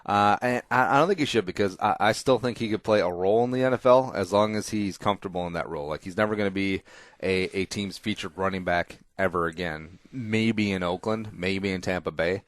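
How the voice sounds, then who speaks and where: Deep-voiced opinionated male podcast host. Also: brisk, no room sound, clean studio sound. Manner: opinionated, emphatic, rambling, swears freely. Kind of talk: casual podcast chat.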